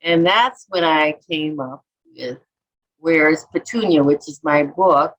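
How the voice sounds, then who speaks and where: A middle-aged woman from Minnesota, USA, an artist and author, speaks in a low voice and takes her time. In a casual interview she tells rambling, chatty stories, acting out quotes and her own self-talk. The recording sounds lo-fi.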